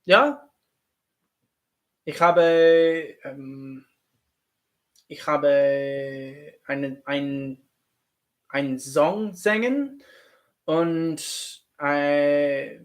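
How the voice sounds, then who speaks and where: A man's voice: fairly high pitch, very slow, long pauses. Chatty self-deprecating man streamer. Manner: chatty, self-deprecating, reads and answers chat. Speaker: actor and streamer. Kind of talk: casual livestream chat.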